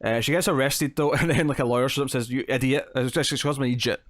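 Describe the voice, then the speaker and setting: A man's voice: mid-range voice, rapid-fire, fairly bright tone, no room sound, studio quality. A man co-hosting a comic book podcast, chatting casually and rambling through a story with lots of hedges. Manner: rambling, hedging, with frequent "like" and "kinda". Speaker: podcast co-host.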